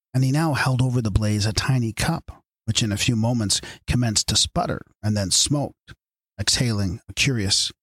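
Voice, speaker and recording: Man, audiobook narrator, measured storytelling, husky voice, dry close recording. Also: medium pitch, dry recording.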